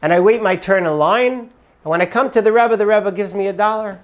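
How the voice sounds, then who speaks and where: A man telling an inspirational religious story with an earnest, expressive manner, drawing a moral at the end. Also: high-pitched, brisk.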